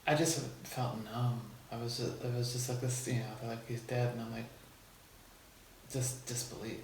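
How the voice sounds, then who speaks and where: A woman's voice: extremely low pitch, flat delivery, normal speed, a little mellow, a little hiss or hum. A woman from California speaking candidly about a loss, rambling with lots of filler words. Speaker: interviewee. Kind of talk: personal testimony in a documentary. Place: city street or park. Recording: very echoey, faint ambience.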